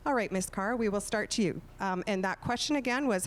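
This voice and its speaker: A woman's voice: medium pitch, a little fast, hardly any pauses. Chatty woman moderating a forum. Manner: chatty and informal, with filler words and self-corrections. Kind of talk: moderating a televised candidates forum.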